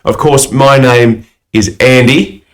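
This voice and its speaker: A man talks loudly and eagerly into a close podcast mic. His voice sits at an ordinary male pitch, and his chat runs casual and passionate, with quick laughs mixed in. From Australia. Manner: loud, excitable, laughs a lot. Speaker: podcast co-host.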